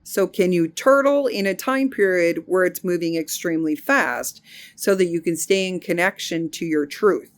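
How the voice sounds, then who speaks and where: A middle-aged woman speaks in a somewhat low voice, sharing a reflective spiritual monologue. She is earnest and unhurried, and she often restarts a phrase as she searches for the right word. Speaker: spiritual healing teacher.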